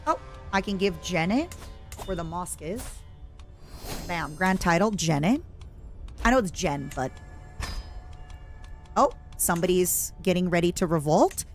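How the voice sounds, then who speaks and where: A woman streamer giving chatty, self-mocking commentary while playing a strategy game, now and then bursting into excited shouts. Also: lowish voice, unhurried, long pauses, soft background music. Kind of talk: casual gameplay commentary.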